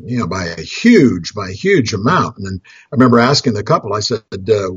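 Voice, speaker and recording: A very husky, breathy man talks about budgeting as a financial counselor. He rambles, restarts his phrases and chuckles along with his own stories. The recording is dry and close, with a dull lo-fi sound. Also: lowish voice, sing-song, fairly quick, dry recording. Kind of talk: storytelling talk on budgeting.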